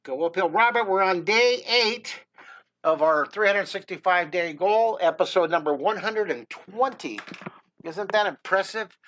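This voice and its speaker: Middle-aged male art teacher streaming live, keen and talkative, bright tone, a bit high. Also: measured pace. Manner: enthusiastic, chatty, talks to viewers by name. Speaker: drawing teacher. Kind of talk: live-streamed drawing lesson. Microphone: desk microphone close to mouth.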